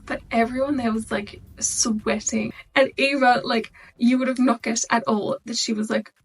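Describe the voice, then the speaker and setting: Gushing Australian woman, higher voice. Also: fairly even intonation, moderate pace, breathy edge. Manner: gushing, chatty, heavy use of "like". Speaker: vlogger. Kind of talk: casual reaction chat.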